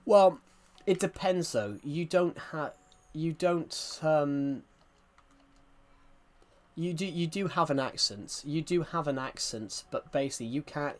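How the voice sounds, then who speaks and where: On a live stream, a West Country man from rural England chats casually, rambling and repeating himself while addressing viewers as guys. His thick accent comes through a slightly high, expressive voice at a measured pace.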